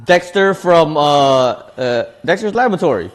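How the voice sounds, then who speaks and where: Male streamer, loose talky read, slightly high voice, laughs and restarts often. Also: very animated, moderate pace. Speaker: streamer reading chat. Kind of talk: casual cooking livestream chat.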